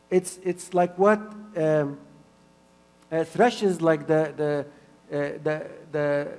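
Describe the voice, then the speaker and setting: A man preaching a sermon in an earnest way, repeating phrases for emphasis and swinging between soft and loud. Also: on the high side, fairly even intonation, takes it slowly, big-room sound. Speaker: pastor.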